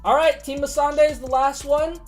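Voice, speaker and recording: A woman streaming a game, chatting casually, excitable, swearing and laughing often. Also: high voice, a little fast, faint music behind. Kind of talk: casual gaming commentary.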